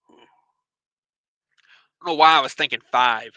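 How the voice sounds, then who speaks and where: A man's voice: mid-range voice, big pitch swings, normal speed, long pauses, bright, forceful tone, clear, resonant tone, no room sound, poor audio. A man hosting a casual trucking livestream on his phone, reading viewer comments in a loose, joking way. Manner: loose and joking, many fillers and asides.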